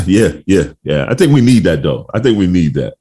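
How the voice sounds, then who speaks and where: A man's voice: deep voice, very animated, moderate pace, warm tone, breathy edge. A middle-aged man hosting a podcast, talking in a laid-back, casual way with lots of slang and laughter. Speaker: podcast host.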